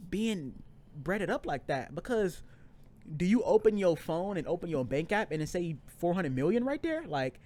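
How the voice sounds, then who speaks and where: A man's voice: high-pitched, big pitch swings, moderate pace, a little mellow. A young man co-hosting a podcast, talking in slangy casual chat with lots of repeats and restarts. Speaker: podcast co-host.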